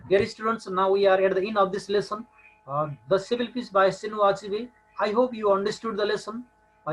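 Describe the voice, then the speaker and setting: A man's voice: high-pitched, a bit bright, poor audio. A man with a Nepali accent teaching a recorded English lesson, hesitant and full of filler sounds.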